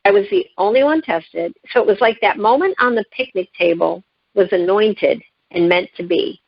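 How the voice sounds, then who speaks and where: A woman guest in an interview, telling a personal story with lively, emotional delivery and frequent restarts. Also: medium pitch, normal speed, no echo, highs cut off. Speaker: guest, living kidney donor.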